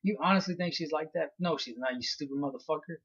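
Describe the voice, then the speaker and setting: A man's voice: on the high side, quick pace, fairly bright tone, breathy edge, highs cut off. A young man ranting heatedly through a fight recap, blunt and profane. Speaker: vlogger.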